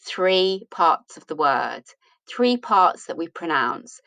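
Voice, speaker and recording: A woman's voice: fairly low pitch, very animated, slow, pushed and bright, no echo, poor audio. A woman teaching English grammar, patiently explaining rules and asking questions that she answers herself. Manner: patient, asks and answers her own questions.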